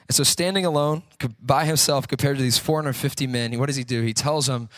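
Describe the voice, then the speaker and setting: A man's voice: medium pitch, quick pace, hardly any pauses, fairly bright tone, dry recording. A man preaching a sermon in a conversational way, asking rhetorical questions and acting out the quotes he tells. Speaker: pastor.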